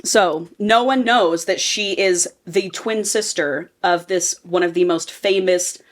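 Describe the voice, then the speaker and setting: A woman's voice: lowish voice, slow. A woman co-hosting a podcast, casually and profanely recapping a romance novel and acting out its characters as she goes. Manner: chatty, profane, acts out characters while recapping. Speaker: podcast co-host. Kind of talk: casual book-review chat.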